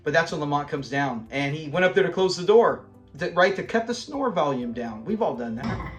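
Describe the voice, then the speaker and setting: A man's voice: a little high, lively intonation, a little fast, soft background music. A man casually reviewing a TV episode, eagerly retelling scenes and quoting lines.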